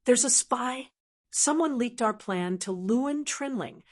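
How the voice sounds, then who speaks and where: A woman's voice: mid-range voice, normal speed, lightly acted. A woman voicing a frustrated male tribal leader who speaks in a muffled, sullen way, in audiobook narration. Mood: frustrated, defensive.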